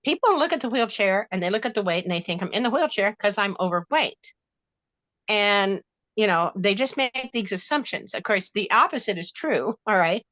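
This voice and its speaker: Blunt, bright-voiced older woman. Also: mid-range voice, lively intonation, normal speed, dry recording. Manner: blunt, fired-up storytelling with many restarts. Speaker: panelist. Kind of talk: casual panel discussion.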